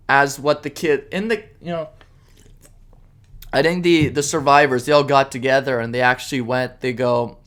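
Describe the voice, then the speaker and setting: An indignant man from Canada delivers a solo podcast rant in a mid-pitched voice. His tone is heavy with sarcasm, and he swings from loud, punchy outbursts to low, mumbled asides. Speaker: podcast host.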